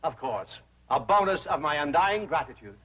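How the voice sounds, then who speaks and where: An actor playing a flustered, fawning banker who grovels in a theatrical way, on an old sitcom soundtrack. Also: male voice, fairly high pitch, sing-song, moderate pace, fairly bright tone. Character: fawning, money-hungry middle-aged banker. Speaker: bank president. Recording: dull old TV soundtrack with hiss.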